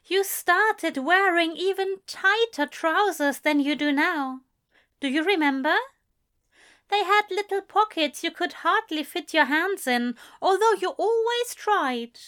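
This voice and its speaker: A woman's voice: very high voice, fairly bright tone, voice pushed up, full character voice. A woman voicing a fussy, affectionate male angel in a fan-fiction reading, speaking in a fond, coaxing way.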